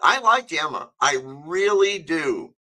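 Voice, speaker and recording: Bright-voiced chatty radio host man. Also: a little high, expressive, slow, poor audio. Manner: rambling, chatty, lots of fillers. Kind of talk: casual talk radio.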